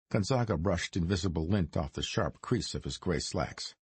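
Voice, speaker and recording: Deep, husky male audiobook narrator. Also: no room sound. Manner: measured, lively storytelling. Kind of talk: scripted crime noir narration.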